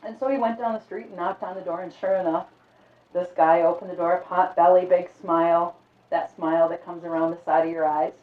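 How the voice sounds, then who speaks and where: A woman telling a dark fairy tale aloud in a conversational, vivid way. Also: fairly low pitch, steady tone, a little fast. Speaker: storyteller. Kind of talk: oral storytelling. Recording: echoey, distant, phone-like sound.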